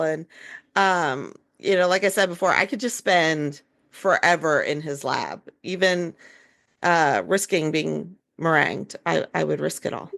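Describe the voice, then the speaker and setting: A woman's voice: on the low side, animated, a little slow, gravelly, fairly bright tone. Chatty woman podcast host. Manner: chatty, full of fillers and asides. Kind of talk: casual book-club chat.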